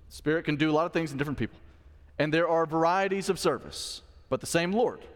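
Man preaching in a reverberant church. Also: a little high. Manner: conversational preaching, asides to the congregation. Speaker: pastor. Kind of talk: sermon. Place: church sanctuary.

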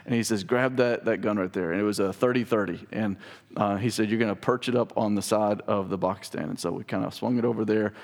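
A young pastor preaching in a lively, storytelling way. His voice jumps high and loud when he acts out a scene. Then it sinks to a hushed, close tone for the tender points. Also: a little fast. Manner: animated storyteller, drops to soft intimate tone. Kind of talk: sermon with personal storytelling.

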